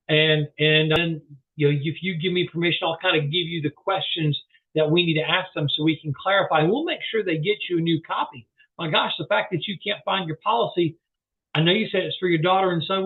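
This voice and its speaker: A man training salespeople, talking in a folksy, animated way and acting out both sides of a phone call as he coaches. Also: a little high. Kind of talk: coaching with role-play demonstration. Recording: tinny phone-like video call audio.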